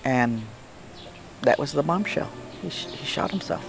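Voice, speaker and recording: A woman's voice: low-pitched, animated, a little slow, gravelly, loud music behind the voice. An older woman from Guam recounting a personal memory for an oral history, emotional and reflective, often repeating words for emphasis. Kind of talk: personal storytelling.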